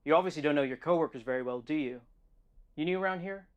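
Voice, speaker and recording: A man's voice: fairly high pitch, fast, no room sound, muffled recording, lightly acted. A man playing a weary, sarcastic male prisoner who narrates his own grim situation in a dry tone. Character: weary, sardonic male prisoner test subject.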